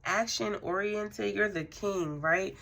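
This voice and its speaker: Low-voiced woman giving an encouraging tarot reading. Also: measured pace. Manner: affirming, encouraging, speaks to the listener directly; relaxed, with fillers and soft laughs. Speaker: tarot card reader.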